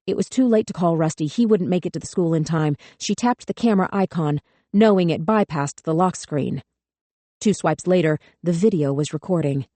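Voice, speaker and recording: Measured, grave woman narrator with a darker tone, dry close studio sound. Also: fairly low pitch, mellow, dry recording. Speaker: audiobook narrator. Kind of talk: scripted narration.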